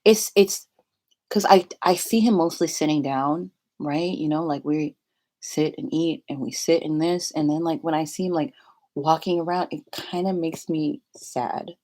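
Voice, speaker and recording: Low-voiced rambling woman vlogger. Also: a little slow, warm tone. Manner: rambling, many filler likes, frequent laughs. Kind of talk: casual confessional chat.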